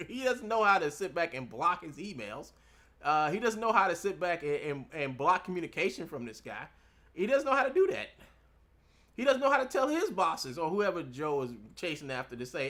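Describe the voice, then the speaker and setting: A man's voice: a little high, sing-song, normal speed. A young man ranting casually from home as a streamer, mocking someone, laughing often and swearing a lot. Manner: mimics others in a loud put-on voice. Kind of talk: casual rant.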